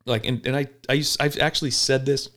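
A police officer talking bluntly and profanely in a casual podcast chat, telling animated stories. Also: male voice, mid-range voice, fairly quick. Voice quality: gravelly.

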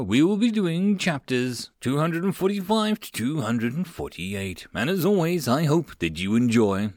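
A man narrating a web novel audiobook in a steady, plain reading voice, close to the mic. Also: mid-range voice, no room sound.

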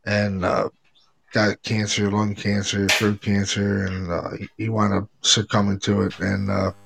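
A man's voice: on the low side, monotone, measured pace, gravelly, background noise. A man hosting a casual paranormal call-in show, telling rambling stories and acting out quotes between laughs. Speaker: podcast host.

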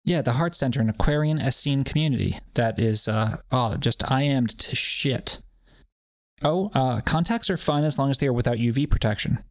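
A man chatting on a podcast in a loose, rambling way, swearing freely and sounding sardonic. His voice is even and mid-pitched. It sounds dry and close, with no room around it. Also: moderate pace, dry recording. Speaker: podcast co-host. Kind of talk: casual podcast chat.

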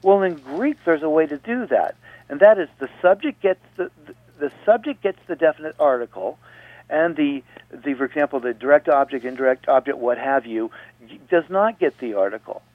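A man's voice: on the high side, expressive, moderate pace, no room sound. A male radio host patiently explaining grammar point by point, repeating himself to make sure listeners follow. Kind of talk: radio teaching talk. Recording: dry, phone-like radio audio.

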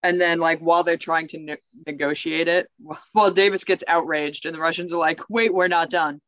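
A podcast co-host recapping a TV episode in casual chat, peppered with "like" and quick laughs. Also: medium pitch, level tone, pushed and bright, dry recording, lo-fi sound. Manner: chatty, says "like" often, laughs easily.

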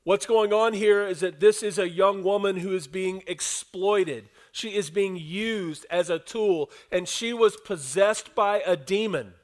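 A man's voice: high-pitched, a little slow, few pauses. A man preaching a sermon, retelling a scripture passage and acting out the quotes while speaking to the congregation. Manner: animated preacher, acts out quotes, talks to congregation. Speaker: pastor.

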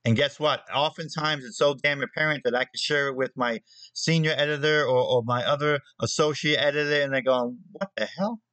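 A man from New holds forth as a magazine editor on his show, blunt and emphatic. He hammers his points by repeating them. His voice sits at an ordinary pitch in a dry, close recording. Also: steady tone, brisk, bright, forceful tone, dry recording, low-quality recording. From New Jersey. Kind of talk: opinion monologue on a show.

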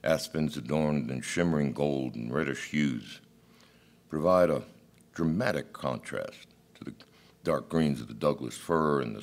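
A man reading a story aloud as a plainspoken male cowboy hunter, folksy and unhurried. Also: extremely low pitch, heavily acted.

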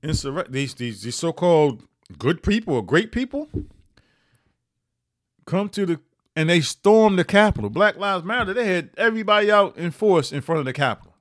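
A man hosting a podcast, giving opinionated year-end commentary with emphatic delivery and sudden high rises on stressed points. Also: animated, normal speed, a bit bright, no echo, clean studio sound. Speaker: podcast host.

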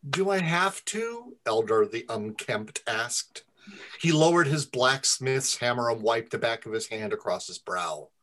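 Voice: medium pitch, measured pace, a bit bright. A storyteller reading their own comic fantasy story aloud to friends, with a wry, self-deprecating delivery.

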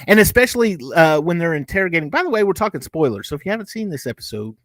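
A man's voice: a little high, big pitch swings, racing, fairly bright tone, no echo. A man co-hosting a casual TV review podcast, talking in a rambling, chatty way with many asides. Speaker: podcast co-host reviewing TV episodes.

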